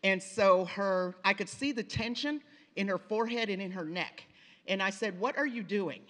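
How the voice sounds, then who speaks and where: Woman giving a talk, bright voice, chatty storytelling, long echo in the hall. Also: medium pitch, normal speed. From Pacific Northwest of the United States. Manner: conversational, animated storytelling with asides to the audience. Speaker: lecturer on language and reading. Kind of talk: conference presentation. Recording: reverberant lecture hall.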